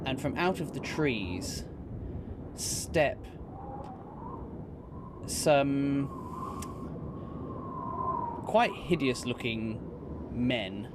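Man running a tabletop game, slow and descriptive, noisy background. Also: medium pitch, animated. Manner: unhurried, descriptive, casual. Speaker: game master.

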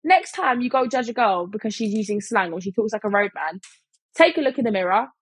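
A woman's voice: mid-range voice, animated, a little fast, slightly rough, dry recording, rough recording. A young woman chatting casually in a storytime vlog, full of fillers and mimicking other people in quotes. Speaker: vlogger.

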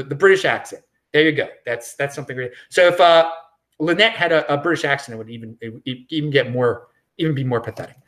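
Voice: mid-range voice, a bit bright. A vlogger giving casual opinion commentary, blunt and dismissive, who repeats phrases for emphasis.

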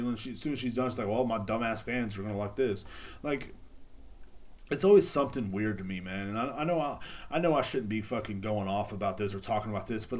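A young man, ranting casually and profanely on his own podcast, rambling with many restarts. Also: medium pitch. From Texas. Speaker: podcast host. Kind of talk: casual solo rant.

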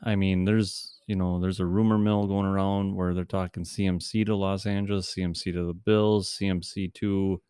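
A man's voice: sits low, little pitch movement, moderate pace, few pauses, warm tone, clean tone, no room sound, clean studio sound. Rambling man talking fantasy football. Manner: rambling with many fillers and restarts. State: has the hiccups. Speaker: podcast co-host. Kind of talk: casual fantasy football chat.

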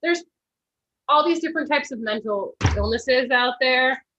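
A woman's voice: sits high, measured pace, sharp tone, a little hiss or hum. A young woman in casual chat, explaining things in an earnest way. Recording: dull dry sound.

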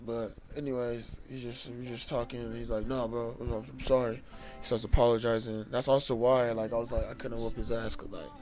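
A man's voice: medium pitch, brisk. A young man from the United States recounts a tense run-in in a loose, profane, fired-up way. His voice sits in an ordinary middle register. Faint music plays behind him. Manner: profane, heated, animated retelling. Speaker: storyteller. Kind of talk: casual storytelling to camera.

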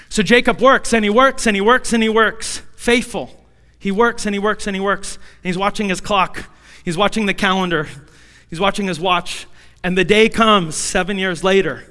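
A man's voice: high voice, moderate pace, clear, resonant tone, in a large hall. A male preacher telling a scripture story with humor, acting out the voices. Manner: humorous, animated, acts out quotes. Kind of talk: sermon storytelling.

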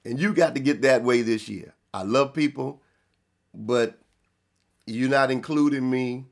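A man preaching a sermon, his mid-pitched voice rough with gravel and fry. He swings between fast, loud emphatic rises and slow, drawn-out stresses on key words. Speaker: pastor.

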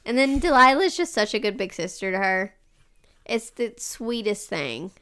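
Smooth-voiced chatty mother. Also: mid-range voice, moderate pace. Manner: animated storytelling, laughs often. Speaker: podcast co-host. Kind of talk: casual chat.

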